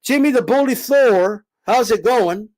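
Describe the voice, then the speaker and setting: Host, male, very high voice, emphatic and lecturing, raises his voice and drives each point home by repeating it. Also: a little slow, darkish tone, poor audio. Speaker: boxing commentator host. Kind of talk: live-stream commentary answering chat.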